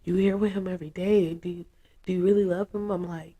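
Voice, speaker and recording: A low, husky woman's voice, mellow and dark in tone. She tells her story frankly and with animation, acting out quotes in a casual interview. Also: fairly even intonation, fast talker. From United States.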